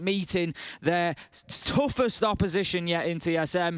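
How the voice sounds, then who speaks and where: A man's voice: sits high, a bit bright. A man giving color commentary on an esports match, eager and analytical in a conversational way. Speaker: esports caster.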